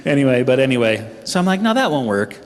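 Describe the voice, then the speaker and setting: A middle-aged man telling a funny personal story at a team training, animated and self-mocking. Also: mid-range voice, fast talker. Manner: animated, humorous, acts out his own panicked voice. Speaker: speaker at a sales team training. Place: event hall. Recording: echoey hall reverb.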